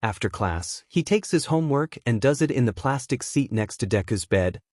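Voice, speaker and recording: A man reading a fan fiction story aloud, keeping a steady, even storytelling pace. His voice sits at an average male pitch and comes across dry and close, with no room sound around it. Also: normal speed, dry recording. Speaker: narrator.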